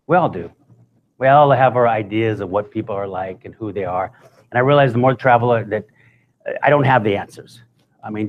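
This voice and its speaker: A man's voice: lowish voice, highs cut off, slight background noise. Male guest speaker, conversational, comic storytelling. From United States. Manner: conversational, joking asides.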